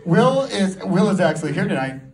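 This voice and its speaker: High-voiced man doing stand-up. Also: very animated, fairly quick. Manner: rambling, self-mocking, laughs at his own jokes. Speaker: stand-up comedy student performing a first set. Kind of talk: live stand-up set. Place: small comedy venue with a live audience. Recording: distant mic with audience noise.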